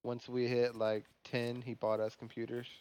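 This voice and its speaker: A man's voice: mid-range voice, monotone, normal speed, darkish tone, clear, resonant tone. A man co-hosting a podcast in casual chat, blunt and offhand, swearing freely. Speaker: podcast co-host.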